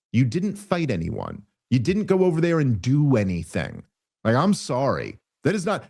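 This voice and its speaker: A podcast host with a mid-range, slightly mellow voice rants heatedly and sarcastically about politics, swearing often and restarting sentences in casual commentary. The studio-quality recording has no room sound.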